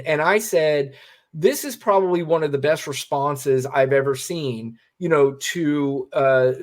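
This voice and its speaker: A man co-hosting a podcast, giving casual political commentary in an animated, emphatic way and swearing freely. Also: fairly high pitch. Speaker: podcast co-host.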